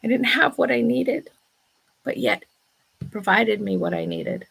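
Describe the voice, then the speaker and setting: A woman's voice: fairly high pitch, unhurried, vocal fry, a bit bright, husky. A woman in her thirties telling a personal story in a chatty, casual vlog, often exclaiming "oh my God.". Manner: chatty, breathless retelling with many "oh my God"s. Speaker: vlog host. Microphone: new microphone being tested.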